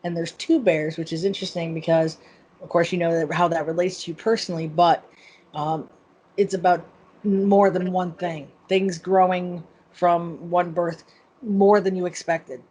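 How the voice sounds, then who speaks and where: A woman explaining a tarot spread in a measured, thoughtful way, reading its meaning intuitively. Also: on the low side, fairly even intonation, dark tone, slightly rough, low-quality recording. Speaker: tarot expert guest.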